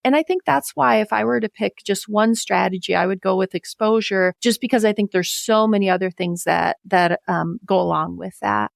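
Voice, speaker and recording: A woman, a psychologist talking as a podcast guest, who explains calmly and reflectively with everyday examples. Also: medium pitch, moderate pace, creaky, few pauses, dry recording, clean studio sound. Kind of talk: conversational podcast discussion.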